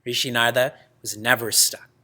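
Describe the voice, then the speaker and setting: A man teaching a scripture class, telling stories in a lively way, laughing often and using Sanskrit terms. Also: medium pitch, fairly quick. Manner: lively storytelling with frequent laughs. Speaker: spiritual teacher.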